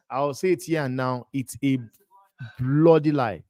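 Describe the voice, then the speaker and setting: A man's voice: mid-range voice, fairly even intonation, a little slow, smooth, dry recording. A man hosting a live football watch-along, ranting in disbelief about transfer rumours and repeating himself. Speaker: host.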